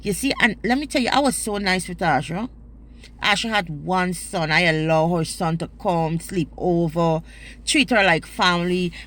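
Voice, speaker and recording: A woman's voice: on the low side, normal speed, a bit bright. A woman with a Guyanese accent telling a personal story in a vlog. She speaks emphatically, swears freely and uses Creole turns of phrase.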